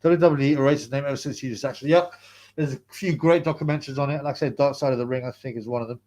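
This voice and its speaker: Rapid-fire and fairly even in intonation, this man's mid-range, dark voice carries his casual livestream chat. He rambles and repeats words as he reads viewers' comments and responds, laughing often.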